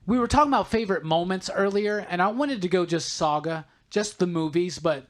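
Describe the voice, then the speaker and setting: A man co-hosting a casual podcast chat, an excited fan who keeps calling things badass. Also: sits high, a little fast. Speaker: podcast co-host.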